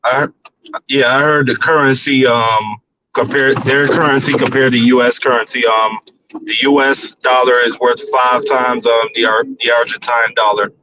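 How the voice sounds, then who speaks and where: A man's voice: mid-range voice, steady tone, normal speed, noisy background. Blunt, profane man from Saint Croix. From US Virgin Islands (Saint Croix). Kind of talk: casual chat. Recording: dull lo-fi audio.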